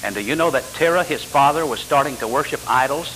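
An older man preaching a sermon as pastor, full of rhetorical questions and sudden jumps in pitch. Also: expressive, fast, fairly bright tone. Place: church sanctuary. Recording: church hall reverb with faint hiss.

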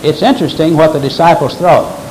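A man's voice: on the high side, brisk, darkish tone, a little hiss or hum, rough recording. A man preaching a sermon, explaining scripture with emphatic stress and quoting verses aloud.

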